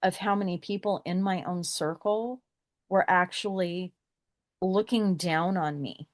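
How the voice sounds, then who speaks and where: A woman's voice: lowish voice, measured pace, dry recording, clean studio sound. A middle-aged woman telling a personal story as a podcast guest, acting out the exchanges she recounts.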